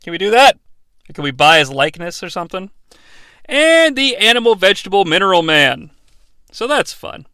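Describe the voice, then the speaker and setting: Sarcastic, animated male podcast host. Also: high-pitched, moderate pace, clear, resonant tone, no room sound. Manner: sarcastic, profane, acts out characters. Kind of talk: casual comedic movie recap.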